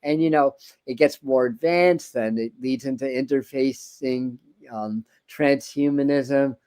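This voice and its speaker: A man's voice: mid-range voice, a little slow, warm tone, clean tone. A man hosting a tarot livestream in casual chat, rambling with many restarts and repeated words. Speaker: tarot reader and livestream host.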